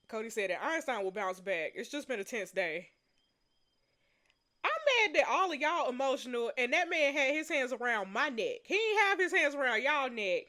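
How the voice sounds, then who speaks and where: Lively woman reacting to a story game, bit high voice, playful, talks to chat, pitch jumps all over. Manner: animated, playful, talks to viewers. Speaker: game player. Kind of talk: casual game commentary.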